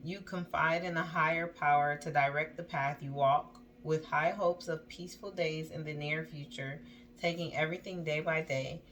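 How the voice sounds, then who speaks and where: Lady reading tarot cards out loud, low voice, loose chatty asides, lots of um and like. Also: fairly even intonation, moderate pace. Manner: reads card text aloud, then riffs on it. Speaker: tarot reader. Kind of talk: casual spoken tarot reading.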